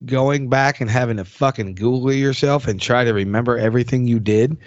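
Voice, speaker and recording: A man's voice: mid-range voice, brisk, no echo, highs cut off. A man with a Florida accent hosting a podcast, talking bluntly and profanely, joking about himself in casual conversation. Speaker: podcast host and drummer.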